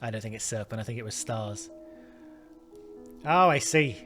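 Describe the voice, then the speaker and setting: A man's voice: on the low side, moderate pace, fairly bright tone, faint music behind. A man hosting a let's play, talking through the game in a chatty, self-deprecating way. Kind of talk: gameplay commentary.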